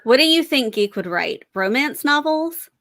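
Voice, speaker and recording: A woman's voice: high-pitched, big pitch swings, normal speed, a bit bright, no room sound. A woman co-hosting a casual live stream chat, laid-back and giggly.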